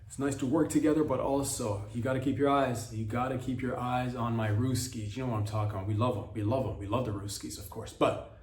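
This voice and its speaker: A man's voice: mid-range voice, fairly even intonation, quick pace, darkish tone. Rambling man in a roomy echo. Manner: rambling, stumbling over words, profane. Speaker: podcast host. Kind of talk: comedic monologue.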